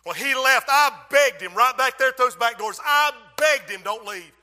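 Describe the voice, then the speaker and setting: A man preaching a fiery revival sermon, shouting and then dropping to a hush, in a church. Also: extremely high pitch, expressive, moderate pace. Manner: shouting, dramatic storytelling with sudden hushed drops. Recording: echoey church hall.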